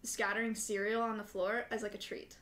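A woman's voice: mid-range voice, flat delivery, a little fast, fairly bright tone. A young woman co-hosting a podcast, telling rambling, self-mocking stories in casual chat. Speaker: podcast co-host.

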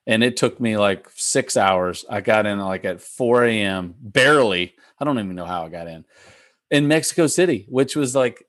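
A young man with a Southern accent telling a rambling, animated story as a guest on a casual podcast, full of restarts and fillers. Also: mid-range voice, dry recording, clean studio sound. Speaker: professional golfer guest.

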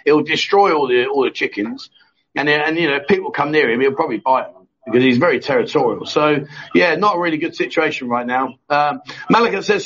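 Husky man hosting a jokey live chat. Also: fairly high pitch, fairly quick, fairly bright tone. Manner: jokey, banters with co-host, frequent restarts. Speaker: livestream chat show host. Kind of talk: casual live chat reading viewer comments. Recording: dull lo-fi stream audio.

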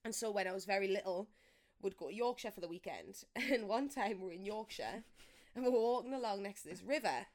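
A young woman from northeast England with a Geordie accent, co-hosting a podcast and telling animated stories with acted-out voices. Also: mid-range voice, a little fast. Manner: animated storyteller, acts out voices, laughs often. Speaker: podcast co-host. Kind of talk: casual chat.

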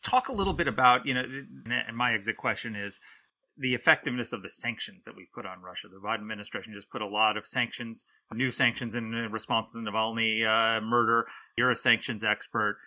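A man's voice: lowish voice, a little fast, sharp tone. A man hosting a panel discussion, asking pointed questions. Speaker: host.

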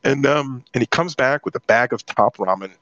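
A man's voice: mid-range voice, moderate pace, a bit bright, no room sound. A middle-aged man from southern California, telling his life story as an interview guest and acting out his own past lines. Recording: dull dry lo-fi audio.

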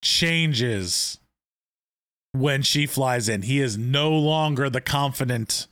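A man's voice: mid-range voice, takes it slowly, fairly bright tone, dry recording, clean studio sound. A man co-hosting a casual chat about a TV episode, retelling scenes with enthusiasm and lots of fillers. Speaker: podcast co-host.

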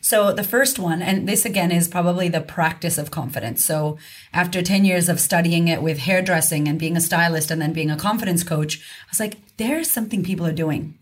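A woman's voice: lowish voice, a little fast. A woman confidence coach, a guest in a casual podcast conversation, talking frankly and emphatically and swearing casually.

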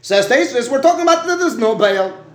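A man's voice: very high-pitched, animated, brisk, a bit bright, reverberant. A man teaching a Talmud lesson. He stops and starts, repeats words and often asks "right?".

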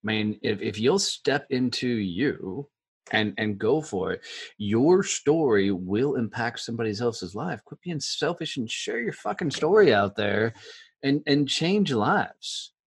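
A man hosting a podcast, blunt and animated, swearing freely as he talks. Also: medium pitch, a little slow, husky, no echo. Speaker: podcast host. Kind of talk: casual interview chat.

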